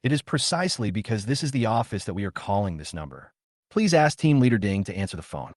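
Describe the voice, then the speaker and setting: A man voicing a polite, gentle young female officer speaking on the phone. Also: lowish voice, sing-song, fast, no room sound, studio quality. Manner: polite, respectful. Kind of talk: recap narration with quoted lines.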